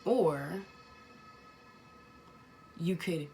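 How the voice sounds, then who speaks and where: Emphatic woman with a lowish voice. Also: drawn-out words, creaky, dark tone, faint music behind. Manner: emphatic, repeats phrases, swears casually. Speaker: spiritual vlogger. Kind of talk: casual spiritual monologue.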